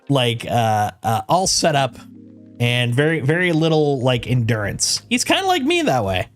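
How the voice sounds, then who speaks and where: A man chatting casually on his game livestream. He rambles with restarts and laughs, and coos at his dog in doting baby talk. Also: fairly high pitch. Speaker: game streamer.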